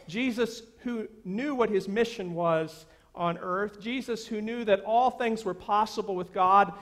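Male pastor, high voice, unhurried sermon delivery, earnest and emphatic. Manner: earnest preaching with slow, emphatic repetitions. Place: church sanctuary.

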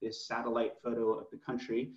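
A man's voice: medium pitch, monotone, brisk. A middle-aged man speaking as a wine expert on a video call. He talks eagerly, with plenty of fillers and self-corrections. The audio is roomy and a little dull. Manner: enthusiastic, with many fillers and restarts. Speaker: master sommelier guest. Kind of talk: presenting slides in a wine tasting webinar.

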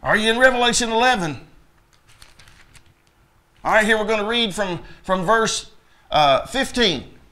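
A man's voice: high voice, expressive, a little slow, pauses often, bright, forceful tone. A man preaching a sermon as pastor, reading scripture aloud and talking directly to his congregation with emphatic conviction. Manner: reads scripture aloud in King James wording.

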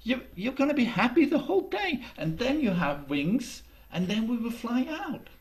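A man voicing a bold, quick-tempered young village girl in a told story. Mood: cheerful. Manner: high and excited, then scolding.

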